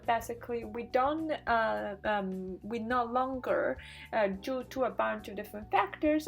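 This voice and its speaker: A woman's voice: on the high side, vocal fry. Hesitant woman explaining with many fillers. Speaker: video host. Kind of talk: casual explainer talk.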